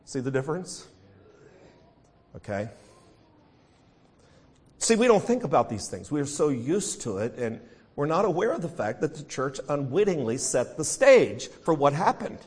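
A man's voice: on the high side, sing-song, normal speed, long pauses, husky. A man with an American accent preaching a sermon, reading scripture and talking through hymns. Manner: singing hymn lines between teaching; reads scripture aloud.

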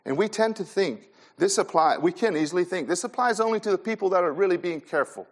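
Guy preaching to young folks, kinda high voice, earnest, keeps repeating the big words. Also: animated, quick pace. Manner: earnest, repeats key phrases for emphasis. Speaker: pastor. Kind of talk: sermon to a youth conference.

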